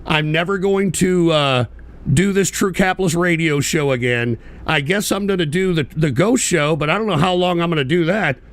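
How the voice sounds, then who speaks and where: A man's voice: a little high, fairly bright tone. A man hosting an online political show, ranting bitterly and profanely in a repetitive way. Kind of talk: livestream rant.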